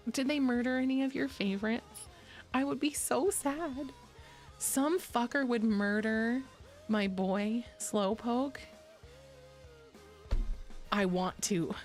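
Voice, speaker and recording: A woman's voice: on the high side, takes it slowly, long pauses, faint music behind. A woman VTuber chatting casually on a stream, rambling, giggling often and poking fun at herself. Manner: rambling, giggly, self-deprecating.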